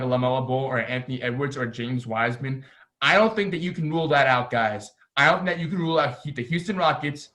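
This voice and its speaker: A young man co-hosting a casual sports podcast, talking in an excitable, rambling way full of "like"s. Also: fairly high pitch. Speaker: podcast co-host.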